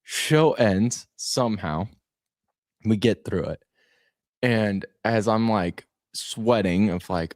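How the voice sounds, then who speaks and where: A man who works as a radio producer, telling an animated story in casual radio chat and laughing as he goes. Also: on the low side, slow, no room sound, studio quality.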